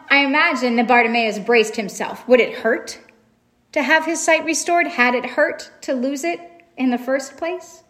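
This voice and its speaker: A woman's voice: sits high, a bit bright. A woman preaching a sermon, retelling a story in a reflective way and asking rhetorical questions.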